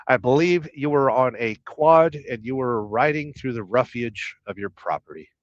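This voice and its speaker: A man's voice: medium pitch, fairly bright tone, dry recording, lo-fi sound. A man hosting a casual live stream as a truck driver, joking and rambling as he reads viewers' comments aloud from his truck. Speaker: livestream host, truck driver. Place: truck, waiting to unload.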